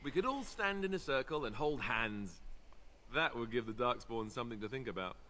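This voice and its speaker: A man's voice: medium pitch, expressive, normal speed, sharp tone. An actor playing a wry, playful young male warrior in a video game, joking sarcastically and poking fun at himself.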